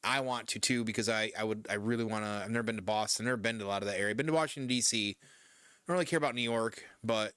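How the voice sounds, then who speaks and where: A man from Michigan chatting casually on a stream while he paints, talking in a loose, rambling way with easy swearing. His voice sits on the low side and sounds smooth and clear. The recording is close and dry. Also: racing, fairly bright tone, dry recording. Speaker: streamer host.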